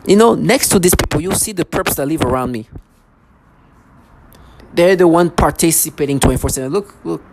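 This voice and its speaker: Vlogger, mid-pitched, agitated, repetitive, stammers and restarts often. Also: moderate pace, long pauses, a little mellow, a little hiss or hum. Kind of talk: rambling personal monologue.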